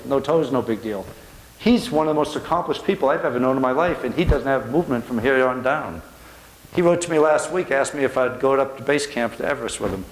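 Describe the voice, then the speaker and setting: In an echoey room, a middle-aged man from the United States gives a motivational talk built on earnest stories and emphatic repetition. His voice is mid-range, and the recording has a little hiss or hum.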